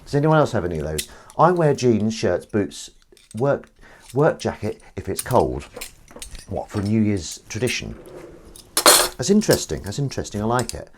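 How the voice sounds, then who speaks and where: A man's voice: on the low side, very animated, normal speed, noisy background. Rambling man washing dishes. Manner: rambling, self-deprecating, reads out chat comments. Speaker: livestream host. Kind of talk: casual chat while washing up. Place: home kitchen. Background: clinking dishes and cutlery.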